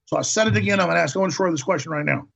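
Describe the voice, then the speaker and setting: A man's voice: fairly high pitch, rapid-fire, creaky, fairly bright tone, husky. A man hosting a talk show, delivering an impassioned political monologue, ranting and repeating words for emphasis, on a dull lo-fi recording.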